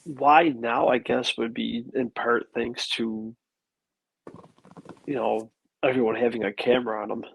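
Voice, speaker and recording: A man's voice: mid-range voice, steady tone, unhurried, gravelly, pauses often, slightly rough, no room sound, poor audio. A man with a New York accent co-hosting a podcast, laid-back in casual chat with short replies. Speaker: podcast co-host.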